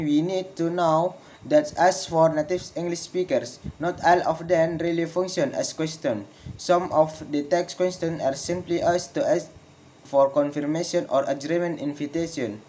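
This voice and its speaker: A man reading an English lesson aloud, speaking example sentences slowly and carefully. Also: fairly high pitch, darkish tone, rough recording. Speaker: English teacher.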